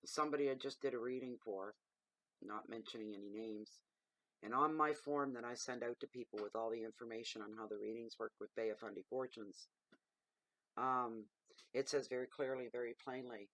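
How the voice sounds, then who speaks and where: A woman's voice: extremely low pitch, a little fast, a bit bright, no echo, low-quality recording. A middle-aged woman, a tarot reader hosting her own channel, ranting to camera in a blunt, heated and sweary way.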